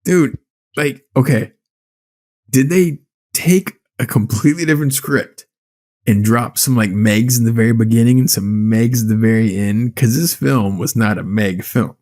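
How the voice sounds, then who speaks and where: With a mid-range voice at normal speed, a man co-hosting a podcast vents about a film. He's animated and profane, recounting it all in disbelief.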